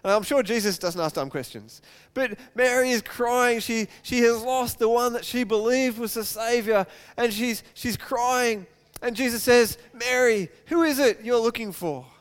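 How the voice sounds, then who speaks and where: Man, sermon, preacher, high-pitched voice, smooth and resonant, repeated rhetorical questions. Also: a little slow, hardly any pauses. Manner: reads scripture aloud, then preaches with repeated rhetorical questions. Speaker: pastor.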